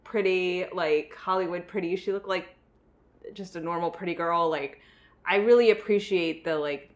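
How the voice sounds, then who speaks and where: A woman's voice: on the low side, normal speed. A woman from the northern United States co-hosting a podcast, talking frankly about a movie with many fillers and restarts. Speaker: podcast co-host. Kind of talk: casual film discussion.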